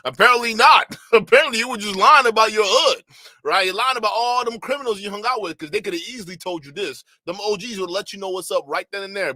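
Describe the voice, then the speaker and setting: Bright, mocking male streamer. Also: on the high side, no echo. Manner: laughing, mocking, slangy. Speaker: streamer host. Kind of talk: mocking livestream commentary.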